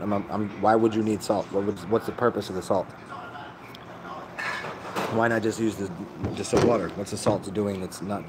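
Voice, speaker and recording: A man's voice: lowish voice, noisy background. A man rambling casually to his live-stream viewers, laid-back and profane, often restarting his sentences. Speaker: livestreamer answering chat.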